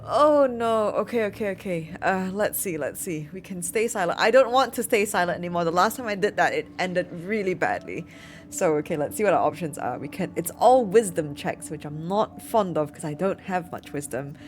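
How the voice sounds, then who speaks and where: Excitable woman commentating gameplay. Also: on the low side, brisk. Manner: chatty, excitable, apologetic. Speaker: let's play streamer.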